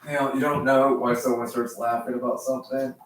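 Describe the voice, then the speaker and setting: A man rambling to himself, swearing often, laughing and swinging between loud outbursts and low muttering. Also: little pitch movement, a little fast. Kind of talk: rambling solo talk. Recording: echoey room, mic far off.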